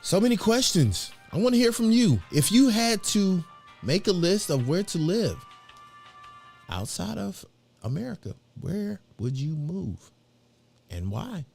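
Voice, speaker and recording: A man's voice: sits high, very animated, measured pace, vocal fry, a little mellow, faint music behind. A middle-aged man hosting a live show, chatting in a rambling, slangy way with lots of fillers. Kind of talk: casual livestream chat.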